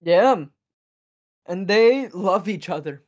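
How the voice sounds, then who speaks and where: A man's voice: sits high, takes it slowly. A man chatting casually as a podcast guest, joking and laughing easily. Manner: animated, jokey, laughs often. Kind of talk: casual chat.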